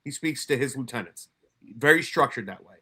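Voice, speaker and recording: A man's voice: medium pitch, expressive, brisk, pushed and bright, slightly rough. A middle-aged man, a former homicide detective, telling blunt, profane stories at a workshop with frequent restarts. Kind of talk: candid storytelling talk.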